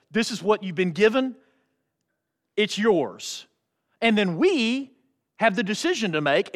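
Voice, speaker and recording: A man preaching a sermon, folksy and animated, jumping from loud high exclamations to low quiet asides. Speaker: pastor.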